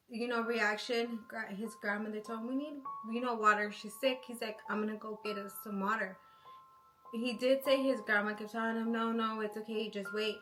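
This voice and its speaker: A woman telling a spooky story in a casual way, packed with "like" and "you know", sometimes going hushed. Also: on the high side, rough recording. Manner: chatty, full of "like" and "you know" fillers.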